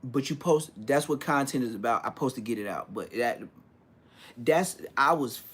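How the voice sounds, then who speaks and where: A man in his forties telling street stories in a casual, animated way, full of profane slang. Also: mid-range voice, normal speed, breathy edge. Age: 40s. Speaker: vlogger. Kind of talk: casual storytelling.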